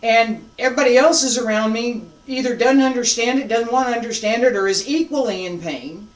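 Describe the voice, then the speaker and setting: A qigong instructor guiding a breathing lesson with calm, unhurried cues and conversational asides. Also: mid-range voice. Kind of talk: guided breathing lesson with reflective talk. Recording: roomy and distant from the mic.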